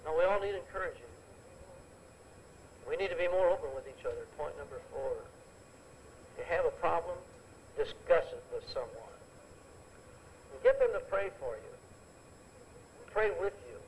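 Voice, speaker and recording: Guy preaching a sermon, voice way up high and all over the place, little bit of hiss. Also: moderate pace, long pauses, poor audio. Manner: animated preaching with rhetorical questions and acted-out dialogue.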